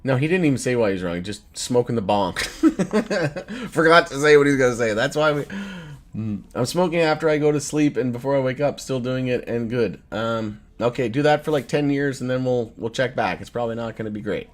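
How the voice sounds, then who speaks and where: A man's voice: mid-range voice, expressive, a little fast. A man in his thirties hosting a casual live stream, reading chat aloud in a loose, profane way and laughing often. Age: 30s. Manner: loose, profane, laughs often, swings between joking and irritated. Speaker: livestream host reading chat.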